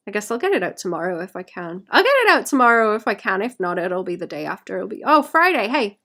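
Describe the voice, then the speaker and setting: A woman's voice: medium pitch, very animated, fast, hardly any pauses, bright, forceful tone. A woman artist talking to her stream chat while painting, sweary and self-mocking, often muttering and whispering to herself. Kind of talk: live-stream chat with viewers.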